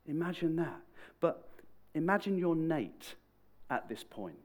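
A middle-aged man preaching in a conversational, lively way, with sudden bursts of emphasis. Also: a little high, a little slow. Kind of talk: sermon.

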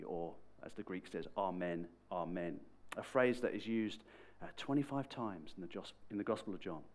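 Conversational male preacher. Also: on the low side. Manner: conversational and lively, with sudden bursts of emphasis. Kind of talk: sermon.

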